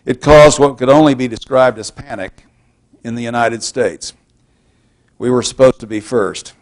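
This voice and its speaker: A man from Texas giving a public university lecture in a measured, wry, explanatory way. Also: mid-range voice.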